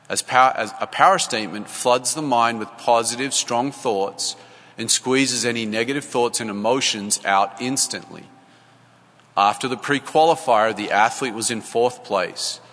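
A man's voice: mid-range voice, fairly bright tone, big-room sound. A man, a coach, giving an earnest church talk, telling a story and acting out the dialogue.

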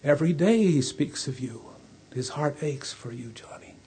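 A man voicing a kindly neighbor who earnestly consoles a runaway son in a husky voice. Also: on the high side, a little slow, a little mellow, slight background noise. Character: kindly neighbor man bringing news from home.

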